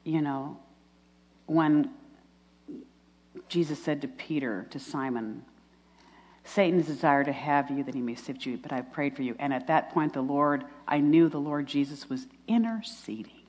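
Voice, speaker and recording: A woman's voice: sits low, measured pace, a little mellow, husky. A middle-aged woman giving an earnest testimony sermon, quoting scripture and laughing at herself. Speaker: speaker at a women's retreat. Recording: long reverb in a hall.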